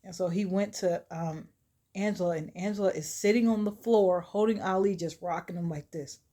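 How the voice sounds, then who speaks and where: A woman telling a horror short story in a chatty, animated, casual way. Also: fairly low pitch, moderate pace.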